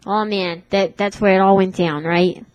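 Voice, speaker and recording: A woman's voice: mid-range voice, fairly even intonation, moderate pace, a little mellow, no room sound, dull audio. A woman in her twenties telling a comic story in a put-on Brooklyn accent, rambling and tough-talking. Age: 20s.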